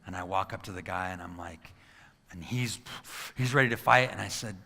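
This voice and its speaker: A middle-aged man gives a lively motivational talk. He acts out scenes from his story and keeps asking the audience questions. His voice is bright and forceful, and it rings through a large hall with a long reverb. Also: low-pitched, brisk, gravelly. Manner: animated storytelling, acting out scenes, quizzing the audience. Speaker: motivational speaker and coach.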